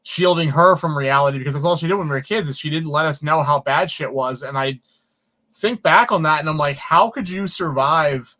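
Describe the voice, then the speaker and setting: A man who is a filmmaker guest, telling stories in an interview in an animated way and swearing casually. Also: a little high, brisk. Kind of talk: storytelling in an interview.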